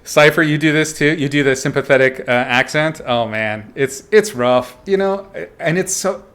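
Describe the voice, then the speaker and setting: A man's voice: a little high, moderate pace, fairly bright tone. Laid-back man chatting on stream. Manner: chatty, laughs often, reads and answers chat. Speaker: streamer chatting with viewers while painting. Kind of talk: casual livestream chat.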